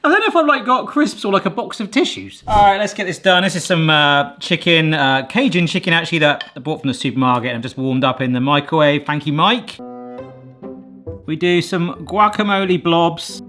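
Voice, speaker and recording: A man's voice: on the high side, expressive, a little fast, sharp tone, faint music behind. A middle-aged man from Bristol with a mild Bristolian accent, hosting a cooking vlog and chatting jokily while he cooks and tastes in a home kitchen. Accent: mild Bristolian English. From Bristol, England. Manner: chatty and jokey, talks while cooking and tasting. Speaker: cooking video host. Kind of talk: casual cooking vlog chat.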